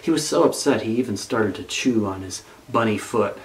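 A man's voice: on the low side, normal speed, poor audio. A male pastor telling a children's story as part of his sermon, reading it aloud expressively.

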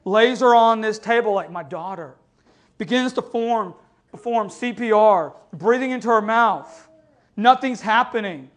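A pastor delivering an impassioned sermon in a church, moving between loud exhortation and hushed storytelling and often asking his listeners for an amen. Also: sits high, unhurried. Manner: calls listeners "family" and keeps asking "amen?". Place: church sanctuary.

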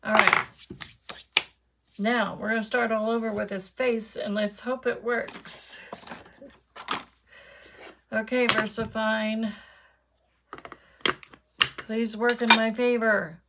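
A woman's voice: on the high side, flat delivery, takes it slowly, long pauses, very noisy. A woman chatting casually to her viewers while she demonstrates card making at her craft desk.

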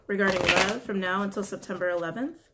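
A woman's voice: medium pitch, fast, noisy background. A woman giving a casual weekly tarot reading, chatty and blunt, who swears freely and keeps repeating her questions to the cards. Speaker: tarot reader.

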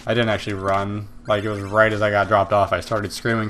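A man's voice: on the low side, fast talker, fairly bright tone, faint music behind. A young man hosting a casual video game playthrough, rambling and making self-deprecating jokes as he plays. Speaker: gaming video host. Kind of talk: casual let's-play commentary.

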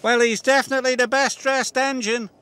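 A man doing a high, vain little engine. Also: steady tone, fairly quick, pushed and bright, a little hiss or hum. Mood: teasing. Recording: clear music behind the voice. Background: music.

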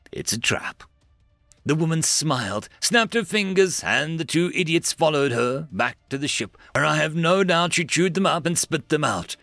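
A man reads a science-fiction story aloud in a dry storytelling manner. His voice sits a little high and has a gravelly edge, and his pitch moves in a lively way. The recording is dry and close, with faint music underneath. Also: no room sound. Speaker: narrator. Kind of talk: scripted story narration.

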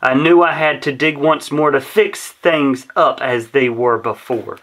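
Bright-voiced man reading a rhyming story. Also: mid-range voice, measured pace. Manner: rhythmic, sing-song rhyming delivery. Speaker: storybook reader.

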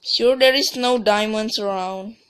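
A woman talks her way through a video game in unhurried, casual commentary. She rambles, repeats herself and often stops partway through a thought before starting over. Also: mid-range voice, clear, resonant tone. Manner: rambling, restarts and trails off mid-sentence. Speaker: let's play gamer.

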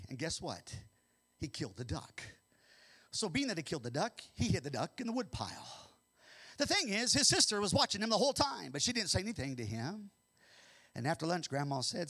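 Male Midwestern American pastor, high-pitched and animated, preaching with big dynamic swings. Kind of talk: sermon.

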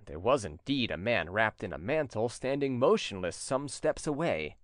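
Expressive male audiobook narrator. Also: mid-range voice, moderate pace, hardly any pauses, no echo, studio quality. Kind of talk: scripted narration.

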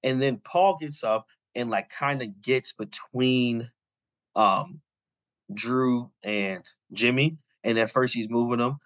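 A man's voice: mid-range voice, slow pace, fairly bright tone, dry recording, rough recording. A young adult man co-hosting a podcast, recapping a story in casual, rambling talk full of "like" fillers. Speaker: podcast co-host.

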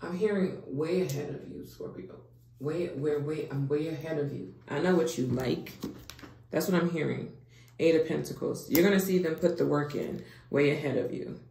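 A woman giving a casual tarot reading to her viewers, expressive, dropping into hushed whispers and rising into excited exclamations. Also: low-pitched, moderate pace, creaky. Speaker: tarot reader. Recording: echoey room with background noise.

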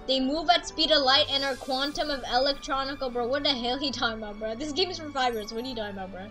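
A woman streaming a game, chatting casually in slang and breaking into loud outbursts. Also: sits high, fast, few pauses, poor audio. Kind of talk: casual gaming livestream chat. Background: game music.

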